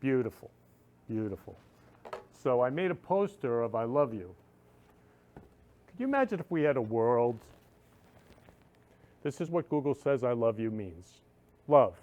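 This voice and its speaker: A man's voice: mid-range voice, big pitch swings, measured pace, long pauses, a little mellow. A man hosting a talk show, speaking in an earnest, emotional monologue that keeps repeating itself. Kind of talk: heartfelt monologue.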